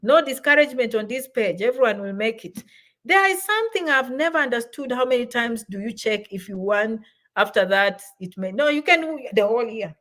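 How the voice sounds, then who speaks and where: A woman's voice: on the high side, expressive, brisk. Upbeat woman answering viewers' comments live. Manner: reads out viewer comments and answers them warmly. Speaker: livestream host answering viewer comments on visas. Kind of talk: casual livestream chat.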